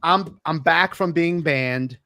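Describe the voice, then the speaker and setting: A man's voice: fairly high pitch, slow pace, sharp tone, dry recording. A man on a podcast as a guest, telling rambling, profane stories in casual chat. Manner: rambling storyteller, swears freely.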